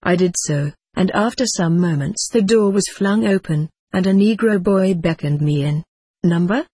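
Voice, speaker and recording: A reader giving measured, reflective first-person narration of an audiobook. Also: medium pitch, mellow, husky, dry recording.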